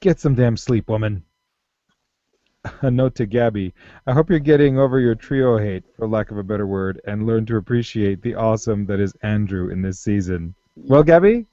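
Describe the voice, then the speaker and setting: A man's voice: fairly low pitch, normal speed, warm tone, no room sound. A man co-hosting a podcast in casual chat, enthusiastic and jokey, swearing freely. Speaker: podcast co-host. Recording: dry, slightly muffled lo-fi audio.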